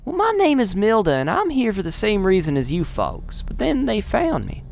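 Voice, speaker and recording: A woman's voice: medium pitch, huge pitch swings, moderate pace, creaky, a little mellow, a little hiss or hum, pitched above the performer's own voice. A man voicing a huge, blunt female fighter in a game, with a put-on Southern drawl, saying "y'all" and "folks.". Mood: wary. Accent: American Southern (put on).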